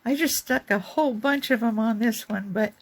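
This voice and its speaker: A woman's voice: fairly high pitch, moderate pace, a little hiss or hum. A woman casually showing her craft work, rambling and searching for words with many ums. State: has the hiccups. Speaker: junk journal crafter. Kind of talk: casual craft show-and-tell.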